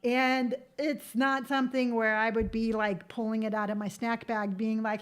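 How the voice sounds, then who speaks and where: An older woman chatting frankly to camera as a vlogger, giving tattoo advice with quick asides and playful quoted voices. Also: on the high side, level tone. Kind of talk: casual chat to camera.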